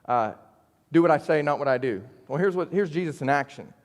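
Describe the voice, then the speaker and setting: A man's voice: on the high side, lively intonation, a little fast, in a large hall. A man teaching an adult Bible study in a conversational, earnest way, often checking in with "right?". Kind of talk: church Bible study lesson.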